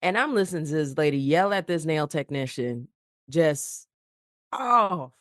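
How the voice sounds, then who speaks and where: New york woman, low voice, dry sound, animated storyteller doing the voices. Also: a little slow, dry recording. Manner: animated, acts out quoted dialogue. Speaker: podcast guest. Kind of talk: casual storytelling.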